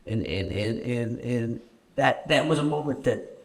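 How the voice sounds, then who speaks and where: A man from Canada answering audience questions at a festival screening, halting and repeating words often as he tells stories. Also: mid-range voice. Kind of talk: festival Q&A storytelling. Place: festival stage Q&A.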